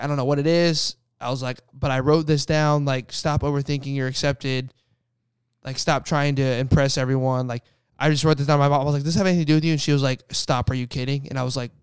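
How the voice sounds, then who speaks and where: A man's voice: medium pitch, fairly even intonation, fast talker, clean tone, dry recording, studio quality. A young man co-hosting a casual faith podcast, telling a personal story with lots of restarts. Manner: rambling storyteller with many restarts. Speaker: podcast co-host.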